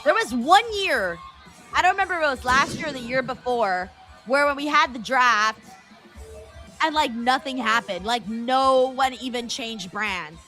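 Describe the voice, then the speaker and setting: A woman's voice: sits high, moderate pace, sharp tone, faint music behind. A woman hosting a casual live watchalong, reading viewer comments, chatty, laughing often and swearing casually. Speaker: live stream host.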